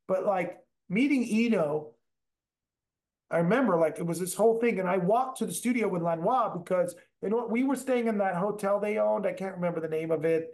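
A man with a high voice trades stories in a relaxed conversation. He talks in loose, animated bursts and swears freely as he rambles through his anecdotes. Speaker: musician guest, bass player. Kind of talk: casual storytelling chat.

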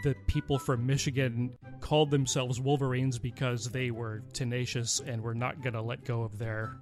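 A man with a middle-range voice hosting a podcast in relaxed chat. He steers the conversation and slips in jokes. Faint music plays behind him. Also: mid-range voice, moderate pace. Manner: joking, relaxed, leads the topic. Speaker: podcast host. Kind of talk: casual chat.

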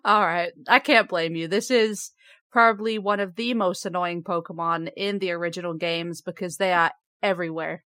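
A woman's voice: lowish voice, steady tone, normal speed, bright, forceful tone, dry recording. A woman hosting a podcast in casual chat, upbeat and giggly as she reads out facts. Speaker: podcast host.

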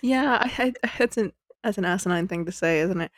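A woman's voice: mid-range voice, brisk, no room sound. A woman hosting a podcast, telling a story in a chatty, giggly, self-deprecating way into a close mic. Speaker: podcast host.

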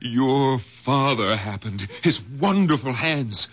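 An excitable, volatile doctor. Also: male voice, mid-range voice, slow pace. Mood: excited, pleading. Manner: emotional, stammering, swinging to ecstatic. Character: middle-aged male doctor, excitable and volatile. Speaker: radio drama actor. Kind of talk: 1970s radio drama acting. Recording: dull lo-fi 1970s radio recording.

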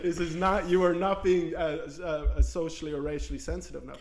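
A man's voice: a little high, level tone, quick pace, a loud crowd. A man co-hosting a podcast, chatting casually and comedically, often bursting into mock voices. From Ireland. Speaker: podcast co-host.

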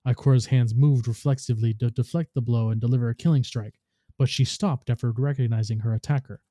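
A man, a podcast host, reading a story aloud in a steady, even narration. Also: medium pitch, fast talker, no echo, studio quality.

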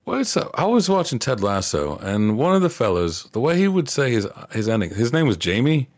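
A man's voice: mid-range voice, big pitch swings, brisk, no room sound, clean studio sound. A man co-hosting a casual podcast, talking in a rambling, hesitant way. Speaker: podcast co-host. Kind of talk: casual chat.

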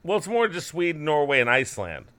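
Bright-toned man teasing his co-host. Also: on the high side, wildly swooping pitch, fast talker. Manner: teasing, storytelling, laughs easily. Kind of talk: casual comedic podcast banter.

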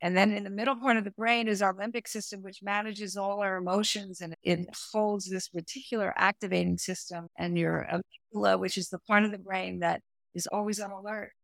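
A middle-aged woman, a performance coach and therapist, explaining her method in a podcast interview, with lively, hands-on explanations. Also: mid-range voice, brisk, creaky, no echo, clean studio sound. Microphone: remote audio, no camera.

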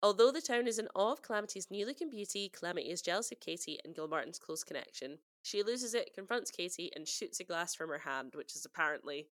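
A woman's voice: lowish voice, expressive, fast, few pauses, no echo, studio quality. A woman from the UK co-hosting a podcast, chatting casually and laughing often as she recaps a film and quotes its lines. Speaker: podcast co-host. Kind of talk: casual chat.

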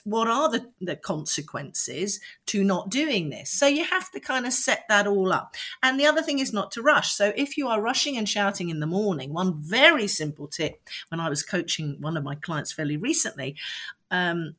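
Lively, assertive woman parenting coach. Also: medium pitch, normal speed. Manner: assertive, animated, acts out examples. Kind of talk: interview guest advice.

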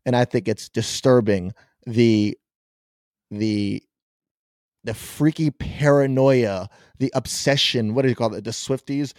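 A man's voice: mid-range voice, measured pace, darkish tone, dry recording, studio quality. A young man ranting profanely on a casual podcast, mocking people he dislikes in squealing put-on voices. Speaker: podcast host.

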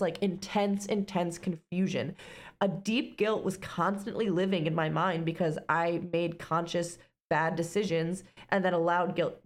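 A woman co-hosting a podcast, speaking earnestly and reflectively in casual chat. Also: fairly low pitch. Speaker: podcast co-host.

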